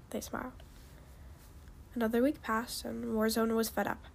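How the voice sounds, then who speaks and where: A woman's voice: a little high, level tone, normal speed, creaky. A woman reading a dragon story aloud, with small stumbles and restarts.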